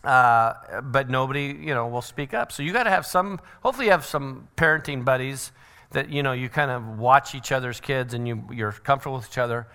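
A middle-aged man giving a church parenting seminar, animated and joking, often acting out what other people say. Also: medium pitch, brisk, smooth. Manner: animated, acts out quoted voices. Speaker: seminar speaker.

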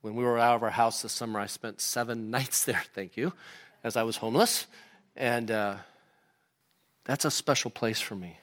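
A man preaching a sermon to his congregation in a lively, animated way, acting out the people in the scripture. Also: medium pitch, normal speed. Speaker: pastor. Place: church sanctuary.

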